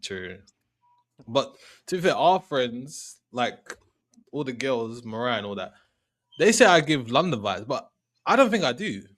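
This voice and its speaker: Animated man chatting and laughing. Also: mid-range voice, unhurried. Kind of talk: casual chat.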